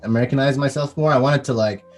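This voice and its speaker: A young man from Lebanon hosting a podcast, relaxed and casual, laughing often. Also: mid-range voice, fast talker, soft background music. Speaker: podcast host.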